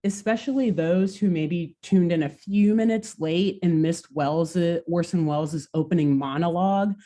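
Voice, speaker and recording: Chatty woman telling a story, lowish voice. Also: moderate pace. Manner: animated, lots of filler "like". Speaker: podcast co-host. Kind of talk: casual storytelling chat.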